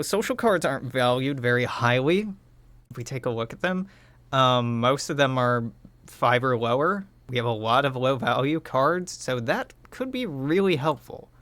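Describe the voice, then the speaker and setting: A man's voice: on the high side, a bit bright, no room sound. A man doing casual, rambling commentary as he plays a video game, often correcting himself and swearing. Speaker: let's play host. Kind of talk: casual game commentary and read-aloud narration.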